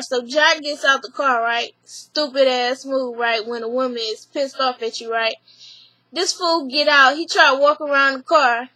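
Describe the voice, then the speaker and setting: Woman vlogger, high and bright, animated and profane, recapping a TV episode from her room. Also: moderate pace, no room sound. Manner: animated, profane, retells scenes in quoted voices. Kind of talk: casual spoken recap. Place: small home room with a fan running.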